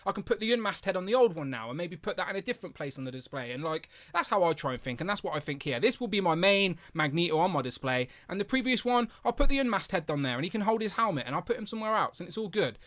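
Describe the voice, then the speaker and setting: A man's voice: high voice, fast talker, few pauses. A man hosting a live stream, chatting casually and enthusiastically with lots of fillers. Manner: animated, with big jumps in loudness. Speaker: host of a toy review live stream.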